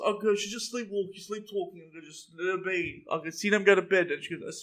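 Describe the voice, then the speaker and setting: High-voiced young man, laid-back. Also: quick pace. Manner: relaxed, laid-back storytelling, says bro a lot. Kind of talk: casual storytelling chat.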